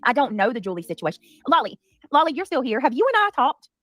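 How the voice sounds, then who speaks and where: A woman's voice: high-pitched, very animated, quick pace, no echo. A woman hosting a commentary livestream, talking in an indignant, defensive and emphatic way. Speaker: livestream host.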